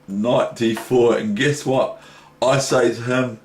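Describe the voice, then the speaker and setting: A man's voice: medium pitch, steady tone, measured pace, darkish tone. A man teaching chess, talking through a game in a chatty, rambling way with many asides. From New Zealand. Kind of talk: casual chess lesson analysing a game. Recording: echoey room with faint noise.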